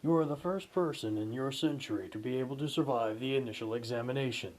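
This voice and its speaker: A man's voice: mid-range voice, fast, darkish tone, lightly acted. A man voicing a glowing energy orb that hands out quests and speaks in a formal, announcing way.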